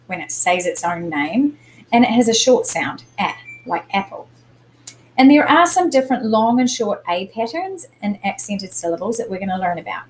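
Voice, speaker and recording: A woman's voice: mid-range voice, a little mellow, a little hiss or hum, rough recording. A woman teacher giving a recorded lesson to young students, speaking patiently and repeating example words to show where the stress falls.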